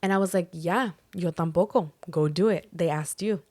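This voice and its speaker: A woman's voice: fairly low pitch, moderate pace, darkish tone, dry recording. A young woman co-hosting a podcast, animatedly retelling a work story with heavy "like" filler and Spanish phrases mixed in. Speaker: podcast co-host. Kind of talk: casual storytelling chat.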